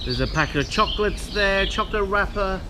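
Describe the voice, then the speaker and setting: With a high-pitched, expressive voice and a brisk pace, a man vlogs outdoors by a river against a noisy background. The hiking vlogger rants earnestly to the camera, urging viewers not to litter.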